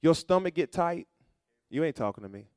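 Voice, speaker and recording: Middle-aged male pastor, preaching sermon, fairly high voice, dry close sound. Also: animated, brisk, no echo. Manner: call-and-response preaching, building to loud emphatic peaks.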